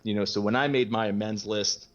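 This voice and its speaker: A man's voice: on the low side, fairly even intonation, a little fast, lo-fi sound. A man guest talking candidly in casual conversation, rambling with many fillers, swearing casually and laughing easily. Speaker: podcast guest sharing his recovery story.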